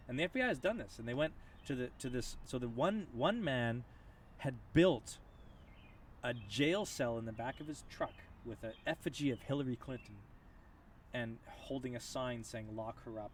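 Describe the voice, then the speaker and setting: A man's voice: medium pitch, moderate pace. A man chatting on a stream, telling stories with lots of restarts and stumbles. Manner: animated storytelling with many restarts. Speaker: stream co-host. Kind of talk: casual chat. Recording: distant mic with light outdoor noise.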